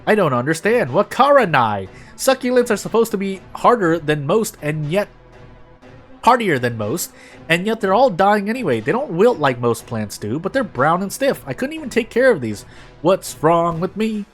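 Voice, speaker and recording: A lonely, anxious young office woman pours her days into a diary, as a man reads her lines aloud. Her voice sits high and leaps around with emphasis, cheerful one moment and fretful the next. Faint game music plays underneath. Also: very animated, normal speed. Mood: dejected.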